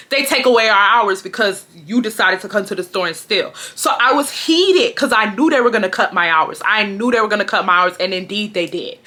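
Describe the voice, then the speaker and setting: A woman in her twenties from Texas, telling a casual storytime in an animated, slangy way. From Houston, Texas. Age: 20s. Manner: animated, slangy, swings into high shouted quotes. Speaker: storytime vlogger.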